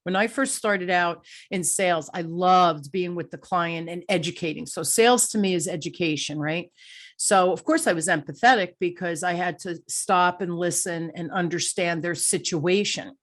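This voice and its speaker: A middle-aged woman hosts an interview show in a slightly low voice. She tells her stories candidly and acts out her own thoughts as she goes. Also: moderate pace. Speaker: podcast host. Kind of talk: conversational interview.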